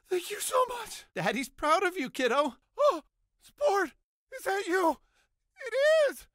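An actor playing a frantic, whiny suburban dad in a cartoon video game, quick to squabble. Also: male voice, very high-pitched, pushed and bright, no echo, clean studio sound, heavily acted. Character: frazzled, bickering suburban dad. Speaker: game character.

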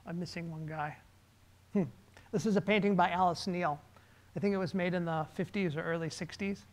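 A man, a designer, giving a relaxed, conversational presentation with slides, pausing with fillers. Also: sits high.

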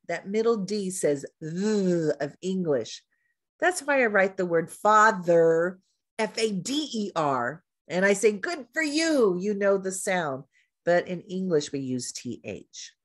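A woman's voice: mid-range voice, expressive, a little slow. Woman teaching speech sounds. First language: Spanish. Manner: demonstrates speech sounds, coaching tone. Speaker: literacy educator. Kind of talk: teaching presentation.

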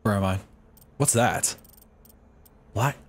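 A man streaming a horror game live, reacting in a goofy, excitable way and often yelping up high. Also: slow pace. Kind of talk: live gameplay commentary. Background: game music.

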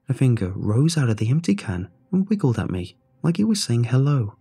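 Husky, dark-voiced male narrator. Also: medium pitch, big pitch swings, normal speed, faint music behind. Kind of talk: scripted horror story narration.

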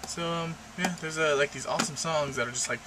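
A young man rambling and joking in a casual vlog from his room at the computer, with random asides. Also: a little fast. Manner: random, jokey, rambling with sudden pitch jumps. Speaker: vlogger. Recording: noisy home recording.

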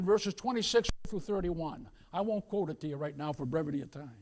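A male pastor preaching a sermon, calling his listeners "beloved" and swinging from loud emphasis to hushed asides. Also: a little high, lively intonation, fairly quick, few pauses.

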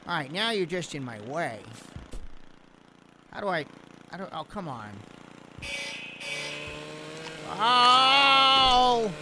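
A man voicing an elderly, chatty cartoon lemon who rambles and exclaims while playing a video game, with clear game noise behind him. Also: fairly high pitch, big pitch swings, normal speed. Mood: mock-tough. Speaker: game commentator. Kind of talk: let's play commentary.

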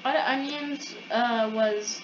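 A woman with a fairly high voice chats offhandedly and teases the player beside her. Her mic sounds roomy and muffled, and a clear hiss sits under every word. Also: slow. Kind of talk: casual chat. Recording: echoey, muffled, noisy mic.

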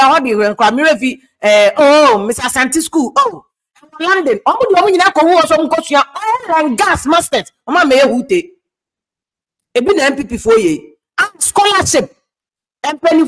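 A woman's voice: high voice, a bit bright, rough recording. A woman with a Ghanaian accent, a Twi speaker, giving heated political commentary that moves between English and Twi and repeats words for stress.

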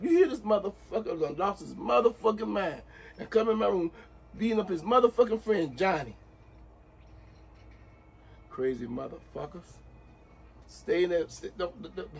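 A man's voice: high voice, husky. A man, an uncle caught in a prank, ranting in exasperation, swearing constantly and repeating himself.

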